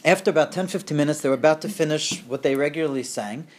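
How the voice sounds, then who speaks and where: A man telling a Hasidic tale in a lively, repetitive way, sprinkling in Yiddish and Hebrew words. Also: on the high side, fast talker. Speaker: storyteller. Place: community near Woodmere.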